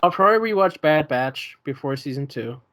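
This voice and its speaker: A man co-hosting a podcast, chatting casually about films and shows in a relaxed, rambling way that trails off. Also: a little high, a little fast. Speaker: podcast co-host. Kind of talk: casual chat.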